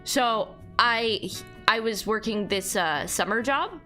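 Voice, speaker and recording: A woman's voice: fairly high pitch, slow, sharp tone, faint music behind. A young woman streaming, chatting casually with her viewers, rambling with lots of fillers and laughing as she goes. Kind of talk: casual chat reading chat aloud.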